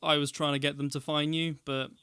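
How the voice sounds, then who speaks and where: A man's voice: a little high, level tone, a little fast, sharp tone, clean tone, no echo. A man voicing a small, fussy male gnome clerk who is flustered and prim. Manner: prim, exasperated, bureaucratic.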